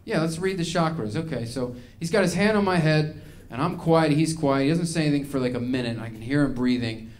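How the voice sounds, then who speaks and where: A man's voice: mid-range voice, brisk, hardly any pauses, darkish tone. A man performing a live stand-up set in a small venue, ranting and rambling with plenty of profanity. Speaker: stand-up comedian.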